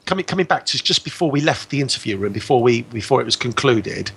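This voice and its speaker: A man's voice: mid-range voice, animated, quick pace, gravelly, fairly bright tone, husky. A man telling a personal story as a guest on a radio talk show, acting out both sides of the exchange.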